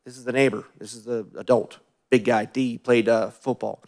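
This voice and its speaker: Brief: male pastor, mid-pitched voice, relaxed storytelling sermon with questions to the congregation and quiet asides. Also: moderate pace.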